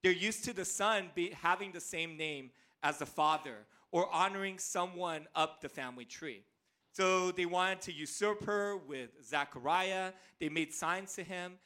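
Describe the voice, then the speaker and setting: A man in his thirties, a pastor preaching a sermon as an animated, playful storyteller. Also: high-pitched, unhurried.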